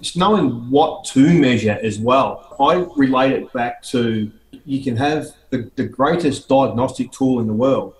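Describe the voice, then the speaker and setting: A man's voice: mid-range voice, unhurried. A man with an Australian accent who owns an auto repair shop speaks frankly and earthily as an interview guest, with many restarts. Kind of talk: candid interview conversation. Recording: echoey room.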